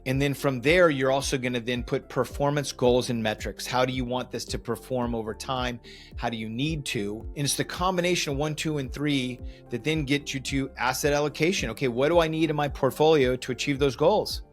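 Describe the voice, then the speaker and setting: A man's voice: medium pitch, steady tone, brisk, faint music behind. A man hosting a podcast, walking listeners step by step through a process and recapping his points. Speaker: podcast host. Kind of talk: instructional podcast monologue.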